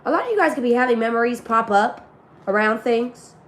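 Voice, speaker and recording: A woman's voice: a little high, lively intonation, fairly quick, fairly bright tone. A woman reading tarot for her viewers in a casual, slangy and profane way, with a voice that is still healing. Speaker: tarot reader. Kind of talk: spiritual reading to an online audience.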